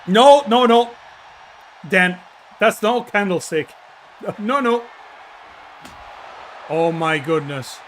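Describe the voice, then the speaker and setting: A man with an Italian accent calling wrestling play by play, bursting into shouts on big moves and joking with his co-hosts. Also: high-pitched, lively intonation, drawn-out words, long pauses, slight background noise. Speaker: wrestling commentator. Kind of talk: excited play-by-play commentary.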